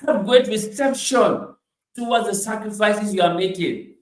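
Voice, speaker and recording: A man giving a motivational talk, emphatic, repeating his points and swinging between loud bursts and quieter stretches. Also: high voice, unhurried, reverberant, low-quality recording. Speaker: motivational speaker.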